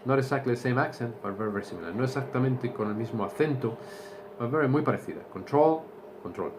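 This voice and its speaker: A man teaching English to Spanish speakers, explaining slowly and repeating each point in Spanish. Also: medium pitch, noisy background. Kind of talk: bilingual language lesson.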